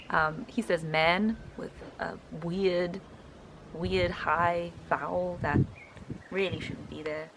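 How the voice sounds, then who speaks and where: A woman's voice: lowish voice, drawn-out words, noisy background. A South African woman in her twenties, a linguistics student explaining accents in a reaction video, hesitant with frequent ums. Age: 20s.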